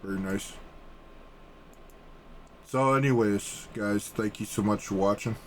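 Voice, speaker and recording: A man's voice: lowish voice, unhurried, slight background noise. A man, an artist, casually telling a story for his vlog in a rambling way. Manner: rambling, casual, with restarts and fillers.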